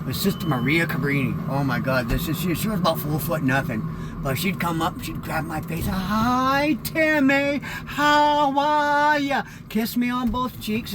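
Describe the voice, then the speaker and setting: A man's voice: on the high side, noisy background. A man in his fifties rambling through a candid, profane personal monologue as host of his own show. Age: 50s.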